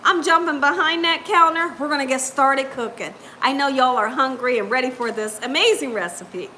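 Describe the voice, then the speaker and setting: Upbeat, high-voiced woman hosting a live stream. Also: moderate pace, bright, forceful tone, slight background noise. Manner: upbeat, chatty, greets viewers by name; laughs often. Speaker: cooking channel host. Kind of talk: live-stream chat with viewers.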